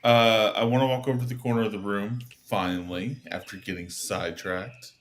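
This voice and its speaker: A man's voice: fairly low pitch, fairly even intonation, brisk, slight background noise. A man playing a tabletop game, chatting and joking with the group. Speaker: player. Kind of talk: casual tabletop play.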